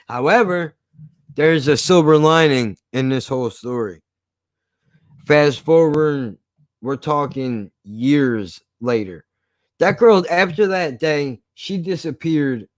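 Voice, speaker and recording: A man's voice: mid-range voice, no echo. Profane man telling a story, dry sound. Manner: profane, animated retelling. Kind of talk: casual storytelling.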